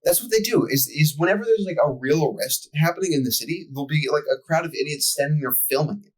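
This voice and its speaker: A man's voice: on the high side, fast talker, low-quality recording. A young man telling a profane, exasperated story in casual podcast chat as co-host.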